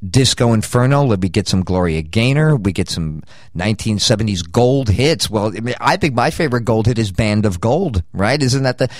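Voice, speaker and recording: A man's voice: on the low side, expressive, moderate pace, dry recording, clean studio sound. Rambling jokey older male radio host. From United States. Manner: rambling, jokey, riffs on lists. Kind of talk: rambling promo read.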